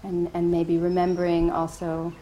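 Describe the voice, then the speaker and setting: A woman meditation teacher giving a dharma talk and telling a story in a gentle, hesitant way, with easy laughter. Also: fairly low pitch, completely flat delivery, normal speed, lo-fi sound, slight background noise.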